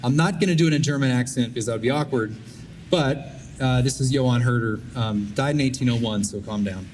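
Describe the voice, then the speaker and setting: A man's voice: mid-range voice, fast, a little mellow. Earnest man giving a speech from afar. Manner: earnest, exhorting, with repeated phrases. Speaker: conference speaker. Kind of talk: prepared public speech. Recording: distant mic with faint background noise.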